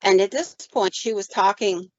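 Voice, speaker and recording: Recorded with no echo but muffled, a woman with a medium-pitched, slightly mellow voice speaks at a moderate pace. As a podcast host, she casually narrates a paranormal tale from her work and performs the voices of those in it.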